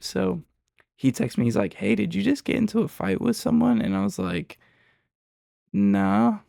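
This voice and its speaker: A young man casually retelling a story in an excitable, slangy way. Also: high voice, creaky, no room sound, clean studio sound.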